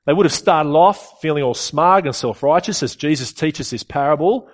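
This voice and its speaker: A man's voice: a little high, normal speed. A man preaching a sermon in an earnest, conversational way with rhetorical questions.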